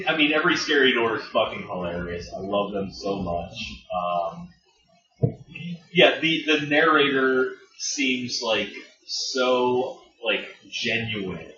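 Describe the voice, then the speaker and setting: A man's voice: mid-range voice, expressive, slow. A man co-hosting a podcast in casual chat, rambling and laughing with many fillers. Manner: rambling, laughing, full of likes. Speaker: podcast co-host. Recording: distant, dull, roomy mic with chatter behind.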